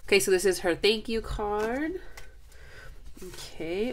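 Excitable lady vlogger opening mail, gushy, laughs a lot, mid-pitched voice. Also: slow, pauses often, a little hiss or hum. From Los Angeles, USA. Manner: gushing, excitable, laughs often. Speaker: budgeting vlogger. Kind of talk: casual vlog, opening mail.

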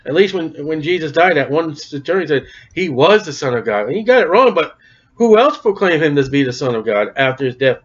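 A man's voice: fairly high pitch, lively intonation, fairly quick, breathy edge. Folksy emphatic preacher man, lo-fi. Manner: folksy, emphatic, calls out to the congregation. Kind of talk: sermon. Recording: dull lo-fi sound.

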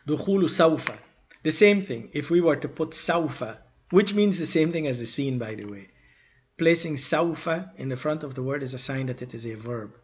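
Man, grammar teacher, husky voice, dull lo-fi sound, quick recitation then slow halting explanation. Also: on the high side, animated. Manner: reads verses quickly, then explains slowly with pauses and self-corrections. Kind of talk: informal grammar lesson.

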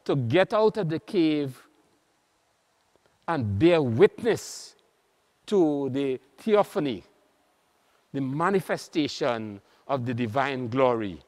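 A man with a Trinidadian accent, a priest preaching an earnest, measured sermon with many pauses. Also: on the high side, a little mellow. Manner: earnest, measured, pausing often. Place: large church. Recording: long church reverb.

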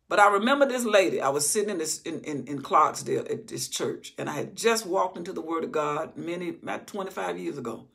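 A middle-aged woman teaching scripture with a gravelly, bright-edged voice. She reads a verse, then drives her point home with emphatic repetition. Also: low voice. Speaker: Bible teacher. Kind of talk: Bible study teaching.

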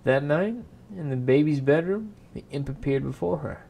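Playful gravelly storybook reader. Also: mid-range voice, normal speed, dark tone. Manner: playful, self-interrupting. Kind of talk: casual storybook read-aloud with asides. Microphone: home microphone.

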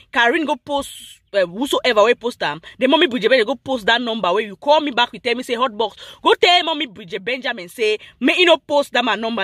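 A speaker with a Cameroonian Pidgin English accent hosts a vlog, ranting in heated commentary, talking straight at someone and repeating points with lively emphasis. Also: medium pitch, no echo, clean studio sound. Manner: animated, repetitive, addresses someone directly. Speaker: blogger and vlog host.

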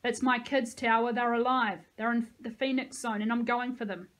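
A woman doing a gruff determined pilot captain. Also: fairly high pitch, steady tone, moderate pace, a bit bright, lightly acted. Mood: pleading. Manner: growling, curt orders.

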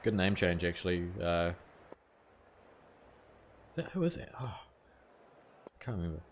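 Young New Zealand man, lowish voice, casual gaming streamer, reads chat aloud, light swearing. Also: very animated, a little slow, slight background noise. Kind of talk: live gameplay commentary, chatting with viewers.

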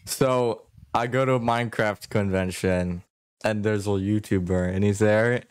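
A man's voice: fairly low pitch, steady tone, a little slow, clear, resonant tone, no echo, studio quality. A man hosting a podcast in casual chat, telling stories in a playful way and laughing often. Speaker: podcast host.

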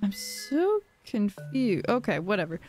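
A young woman live-streaming a game playthrough, playful and giggly, reacting out loud. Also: mid-range voice, big pitch swings, a little slow, faint music behind.

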